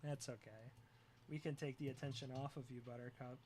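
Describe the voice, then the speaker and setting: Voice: medium pitch, steady tone, moderate pace, long pauses, darkish tone, a little hiss or hum. A live streamer chatting casually with viewers, joking, teasing and often breaking into laughter.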